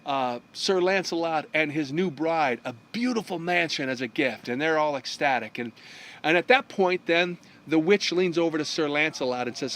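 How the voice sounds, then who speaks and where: A man's voice: on the high side, moderate pace, a bit bright, a little hiss or hum. A man telling a long story to an audience, acting out the characters' lines as he goes. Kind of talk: storytelling talk.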